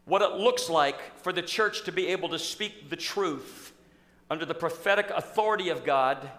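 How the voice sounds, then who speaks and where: High-pitched pastor preaching, acts out scenes, church with long reverb. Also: male voice, normal speed. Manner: storytelling, animated, acts out scenes. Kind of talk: sermon. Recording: echoey church hall.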